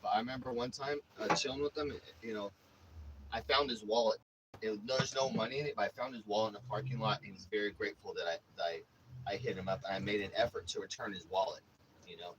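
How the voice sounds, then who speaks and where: A man's voice: fairly low pitch, steady tone, fast, noisy background. A man livestreaming, telling rambling stories to his chat in a casual, profane way with many restarts. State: says he has a headache.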